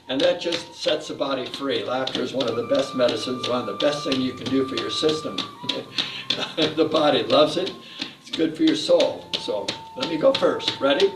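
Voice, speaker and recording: A man with a high, light voice leads an exercise class, calling out body cues in an upbeat, coaxing way and breaking into chanted laughs. He sounds a little away from the mic, in an echoey room, with faint music playing behind him. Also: far from the mic. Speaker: fitness instructor. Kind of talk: guided exercise class instruction.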